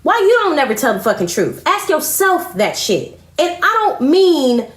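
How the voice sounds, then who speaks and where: In an echoey room, a woman delivers a confrontational live-stream rant packed with profanity and pointed repetition. Her voice sits a little high and sing-song, at a normal speed.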